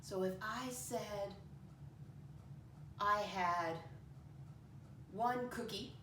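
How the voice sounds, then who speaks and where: A woman teacher leading a first-grade math lesson, with a sing-song manner and slow letter-by-letter spelling. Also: mid-range voice, fairly bright tone, recorded from a distance, slight background noise. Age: adult with a son. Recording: echoey room, voice off-mic.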